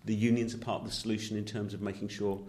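A man's voice: fairly low pitch, flat delivery, fast talker, darkish tone, slight background noise. A man co-hosting a podcast in casual, jokey chat, often restarting his sentences. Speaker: podcast co-host.

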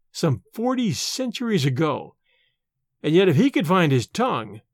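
Guy playing a haunted scholar, slow hushed evasive talk, lively pitch, dry sound. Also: dry recording. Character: haunted male scholar, rattled yet evasive.

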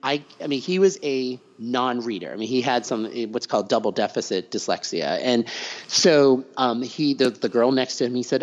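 A middle-aged man speaking as an interview guest, at an ordinary pitch for a man. He tells personal stories with animation and slips into the voices of the people he quotes. The recording sounds dull and slightly lo-fi. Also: very animated, normal speed. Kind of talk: conversational interview.

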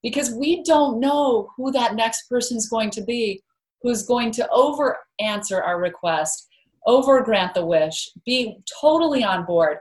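A woman's voice: fairly high pitch, animated, a little slow. A woman guest in an interview, talking earnestly and telling a story, often repeating words as she starts a thought. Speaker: guest author. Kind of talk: interview conversation.

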